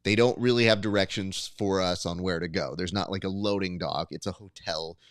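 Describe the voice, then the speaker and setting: A man's voice: sits low, brisk, clean tone, no echo, clean studio sound. A man co-hosting a podcast, telling a story in casual chat and acting out the people he quotes. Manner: animated storytelling, acts out quotes. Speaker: podcast co-host.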